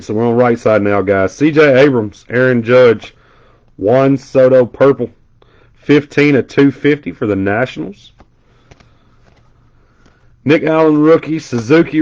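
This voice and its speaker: Man, card break host, chatty storyteller listing cards at a middling pitch on muffled lo-fi audio. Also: darkish tone. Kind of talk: casual live stream chat.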